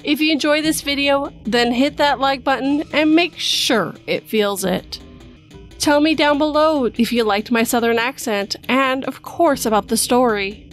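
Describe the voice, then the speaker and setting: A woman host reading a horror story aloud in a measured, dramatic storytelling style. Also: sits high, soft background music. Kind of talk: scripted horror narration.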